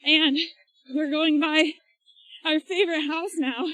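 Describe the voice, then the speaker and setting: Woman podcast co-host, high voice, dry close sound, chatty explainer recorded on a run. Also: steady tone, takes it slowly, fairly bright tone, dry recording, poor audio. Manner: chatty, explains at length with laughs. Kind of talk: casual chat while running. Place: outdoors, on a run.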